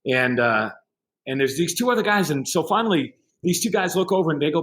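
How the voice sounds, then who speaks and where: A man's voice: fairly high pitch, normal speed. A middle-aged man, a podcast guest, telling a story in casual conversation and acting out the other people in it. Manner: animated anecdote-telling with quoted voices.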